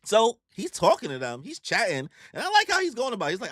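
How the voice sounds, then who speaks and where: A young man with a slightly high, very lively voice recaps a manga chapter in loose slang. He bounces between his own commentary and quick acted-out lines for the characters. The sound is dry and close, with no room around it. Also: dry recording. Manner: animated slang-heavy storytelling, acting out character quotes. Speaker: YouTube manga reactor. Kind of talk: casual manga recap and reaction.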